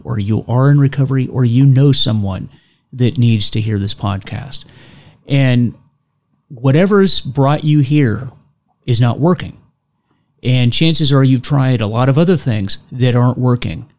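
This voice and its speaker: Male podcast host, mid pitch, earnest, direct with his audience. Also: unhurried, a little mellow. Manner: earnest, direct address to listeners. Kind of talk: casual podcast talk.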